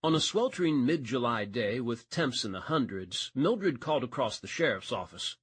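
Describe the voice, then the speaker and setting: Expressive male audiobook narrator, husky. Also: mid-range voice, normal speed, few pauses, no room sound. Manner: expressive reading, voices each character.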